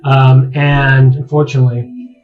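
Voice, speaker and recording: A man's voice: mid-range voice, level tone, unhurried, narrow, tinny audio, soft background music. A man narrating a tabletop game as game master, rambling through the scene with many fillers and restarts.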